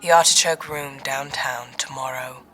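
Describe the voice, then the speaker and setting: A narrator putting on a crisp, cool clone woman. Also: mid-range voice, fairly even intonation, normal speed, sharp tone, rough recording. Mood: dry. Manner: cool and clipped. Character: guarded clone woman with a crisp affected accent.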